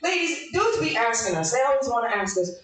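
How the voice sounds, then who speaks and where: A woman in her forties performs brash, foul-mouthed stand-up in a small club, and her pitch swings up and down as she works the crowd. The stage mic is picked up from a distance, so her voice sounds far off and heavily echoey, with a faint hiss underneath. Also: very animated, a little fast, a bit bright. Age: 40s. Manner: brash, profane, laughing at her own jokes. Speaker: stand-up comedian. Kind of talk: live stand-up with crowd work. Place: small live comedy room.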